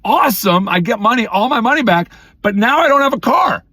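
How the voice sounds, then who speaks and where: A middle-aged father venting in a rapid, exasperated storytime rant, breaking into shouted outbursts. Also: very high-pitched, expressive, no room sound, studio quality. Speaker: vlogger; father of four.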